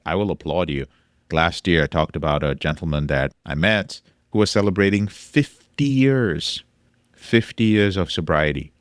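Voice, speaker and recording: A man's voice: very deep voice, no echo, studio quality. A man hosting a podcast alone and coaching listeners in recovery, talking emphatically, repeating key phrases and swearing casually. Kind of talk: solo podcast monologue.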